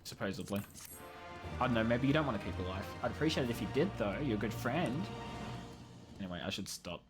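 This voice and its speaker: A man's voice: lowish voice, animated, fast talker. A young man casually commenting while he plays a game, joking and rambling and laughing often. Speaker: game streamer. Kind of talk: casual live gameplay commentary. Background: game music.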